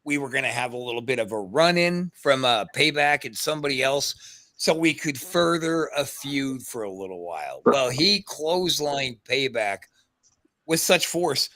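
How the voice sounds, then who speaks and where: A man's voice: mid-range voice, expressive, normal speed, pushed and bright. A man, a podcast co-host, animatedly telling a wrestling story on a call and acting out the quotes, swearing freely. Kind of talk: casual storytelling on a video call.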